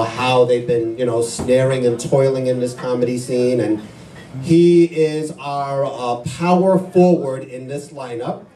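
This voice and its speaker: Mellow-voiced man introducing a comic. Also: medium pitch. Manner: builds up to a loud hype call. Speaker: show host introducing comics. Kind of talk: stage introduction. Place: comedy club stage. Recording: echoey room, mic far off.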